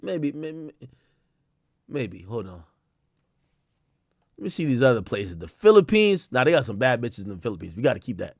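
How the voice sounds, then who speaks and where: Lively, profane male livestream host. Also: medium pitch, moderate pace, gravelly, long pauses, no room sound, clean studio sound. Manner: loose, profane, animated riffing with sudden loud outbursts. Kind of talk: casual livestream commentary.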